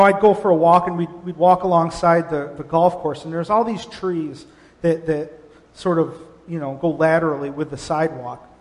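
Middle-aged male pastor, sermon delivery, higher-pitched, animated with frequent restarts, long hall reverb. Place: church sanctuary.

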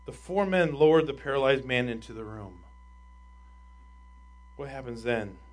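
A man preaching a sermon as pastor, emphatic and asking his congregation rhetorical questions, with his voice swinging between loud and quiet. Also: mid-range voice, lively intonation, normal speed.

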